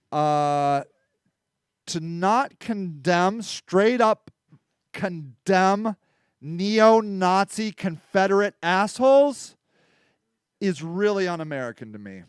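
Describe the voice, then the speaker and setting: Heated, high-voiced man ranting. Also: expressive, takes it slowly, long pauses, smooth, no room sound, studio quality. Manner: rambling, heated and emphatic, swearing. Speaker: livestream host. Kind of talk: casual political talk.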